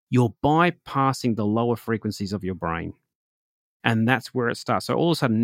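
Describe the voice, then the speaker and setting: A man's voice: mid-range voice, no room sound, clean studio sound. Earnest man hosting a solo podcast. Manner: conversational and earnest, often checking in with "right?"; talks directly to the listener with everyday examples. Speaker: podcast host teaching meditation and intuition.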